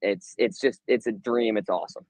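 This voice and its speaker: A man's voice: lowish voice, fairly even intonation, normal speed, a little mellow, no echo. A man speaking as a podcast guest, talking in a rambling, hesitant, friendly way. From Western New York, USA. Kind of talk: casual chat.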